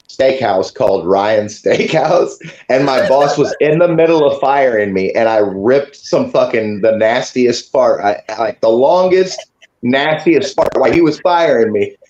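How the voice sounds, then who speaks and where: A man's voice: mid-range voice, expressive, unhurried, darkish tone. A man telling a crude anecdote as a comedy panelist, drawling and laughing mid-story. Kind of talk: casual storytelling. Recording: roomy lo-fi mic.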